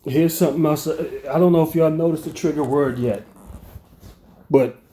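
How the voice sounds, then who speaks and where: A man talks through a clip he is reacting to, laying out his points one by one and swearing bluntly along the way. His voice is mellow and soft-edged, pitched a little above the usual for a man. The delivery is steady and explanatory. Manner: deliberate, analytical, blunt with profanity. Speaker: commentary channel host. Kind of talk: reaction commentary on a video clip.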